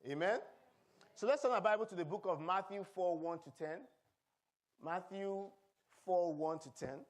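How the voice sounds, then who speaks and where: This sermon comes from a Nigerian-accented pastor whose voice is noticeably high for a man, delivered at normal speed. Animated and funny, he shifts from scripture reading to banter with the congregation and draws call-and-response answers from the pews.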